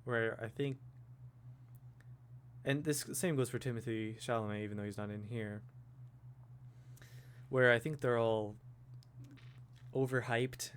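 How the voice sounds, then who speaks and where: A man rambling through a casual monologue, thinking aloud and musing to himself with soft chuckles. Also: medium pitch, fairly even intonation, measured pace, pauses often, slight background noise. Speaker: vlogger.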